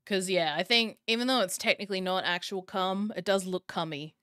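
A woman's voice: medium pitch, a little fast, bright, forceful tone, clear, resonant tone, dry recording, clean studio sound. A woman streamer hosting her live stream in casual chat, talking straight to her viewers and laughing often. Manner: giggly, chatty, addresses chat directly. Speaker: streamer host.

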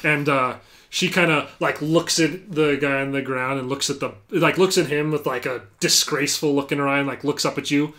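A man's voice: a little high, fairly even intonation, normal speed, sharp tone. Man casually narrating as game master. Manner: casual, filler-heavy narration with many "like"s.

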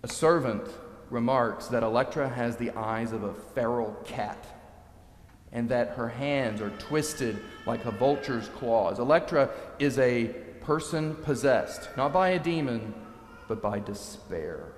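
Preacher in an echoey church. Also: male voice, medium pitch, measured pace, a little hiss or hum. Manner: animated storyteller, dramatizing quotes. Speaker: priest. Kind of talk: sermon. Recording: echoey church, long reverb.

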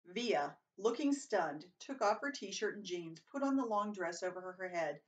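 A woman's voice: mid-range voice, animated, normal speed, distant mic. A woman reading a first-person novel aloud, plainly, with occasional stumbles and self-corrections. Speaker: reader.

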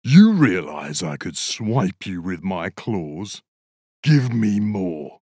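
A man doing a deep, slow storybook bear. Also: very animated, a little mellow, husky, no echo, clean studio sound, exaggerated voice. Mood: threatening. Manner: slow, heavy, menacing delivery. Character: big powerful selfish male bear, gruff.

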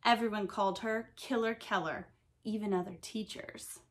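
A woman's voice: medium pitch, fairly even intonation, normal speed. A woman teacher reading a picture book aloud to children, telling the story expressively.

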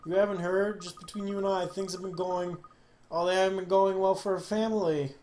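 A confiding, gossipy middle-aged neighbor woman from a storybook game, as a man reads her lines. She leans in to share her worries in a fairly high voice, sighing between them. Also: fairly even intonation, brisk, a little mellow, a little hiss or hum, lightly acted. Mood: gossiping. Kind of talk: reading game dialogue aloud.

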